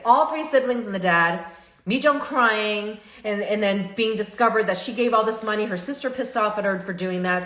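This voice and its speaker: A woman therapist hosting a live stream, talking in an animated, chatty way and often stopping to restart her sentences. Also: medium pitch. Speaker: therapist and show host. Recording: roomy echo.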